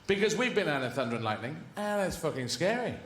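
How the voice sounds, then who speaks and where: A man's voice: a little high, sing-song, fast, heavy background noise. A man doing a stand-up comedy routine, rambling through tangents and swearing freely. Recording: echoey venue with faint ambience.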